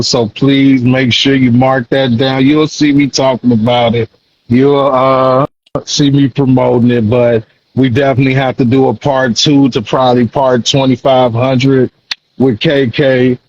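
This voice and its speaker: A man's voice: medium pitch, highs cut off. A man hosting a casual talk show podcast, full of slang and affectionate praise for his guest. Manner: hype, affectionate, loose slang. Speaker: podcast host.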